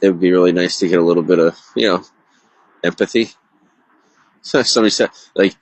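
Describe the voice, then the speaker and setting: A man's voice: deep voice, brisk, pauses often, fairly bright tone, breathy edge, rough recording. A man live-streaming to viewers alone, distressed and near tears, rambling with many filler words. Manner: rambling, heavy on filler words, self-interrupting. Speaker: livestreamer.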